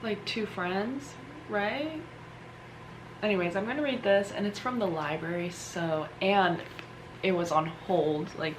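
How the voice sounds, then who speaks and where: A young woman vlogging casually at home, chatty and self-deprecating, trailing off mid-sentence. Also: fairly low pitch. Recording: noisy home recording.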